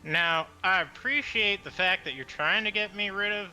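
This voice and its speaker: A man's voice: sits high, pushed and bright, faint music behind, pitched above the performer's own voice, poor audio. A man voicing an ageless male graveyard guardian in a put-on Southern drawl, talking as if chewing on something, dry and unbothered. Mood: unimpressed. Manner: slow drawl, mouth full as if chewing. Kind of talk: tabletop role-play in character.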